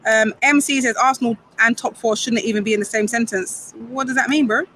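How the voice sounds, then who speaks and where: Young woman, bright tone, playful chatty banter, reading chat comments live, outdoors, faint traffic behind. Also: fairly high pitch, brisk, rough recording. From Grenada and Saint Vincent. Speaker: football fan streamer. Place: outdoors near a football stadium.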